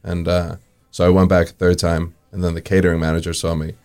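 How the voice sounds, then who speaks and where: A man's voice: deep voice, level tone, quick pace, darkish tone, clean tone. A man, a guest telling his own story in casual talk, chuckling often and full of fillers. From New York area.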